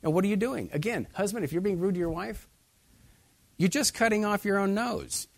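Man, pastor, sermon, husky, fairly high voice, dry close sound. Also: brisk, dry recording. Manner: asks the congregation many direct questions.

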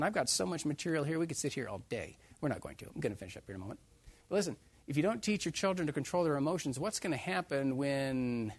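A man preaching a sermon, emphatic and animated, joking with his listeners. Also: a little high, husky. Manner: emphatic, animated, jokes with the congregation.

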